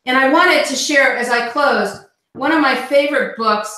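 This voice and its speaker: A woman's voice: sits high, moderate pace, sharp tone, heavy reverb, poor audio. A woman giving an earnest motivational talk over a video call, often repeating words as she starts a line. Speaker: guest speaker on team call.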